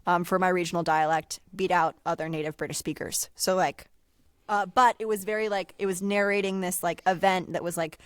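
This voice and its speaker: Chatty woman voice actor, slightly low. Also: fairly even intonation, a little fast, smooth, no echo, studio quality. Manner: chatty, many filler likes. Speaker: guest voice actor. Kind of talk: casual interview chat.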